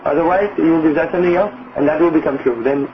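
A man's voice: a little high, fast, lo-fi sound, a little hiss or hum. A man teaching in a devotional lecture, explaining step by step and often checking in with his listeners. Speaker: spiritual teacher.

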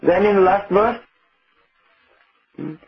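Man, devotional lecture, explanatory, checks in with listeners, slightly high voice, muffled lo-fi recording. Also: steady tone, fairly quick, faint music behind. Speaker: spiritual teacher.

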